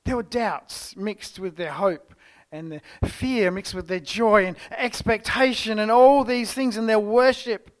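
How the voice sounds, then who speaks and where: A man with an Australian accent preaching a church sermon, telling the story expressively and moving between loud exclamations and hushed tones. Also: high-pitched, measured pace. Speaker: pastor. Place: church service.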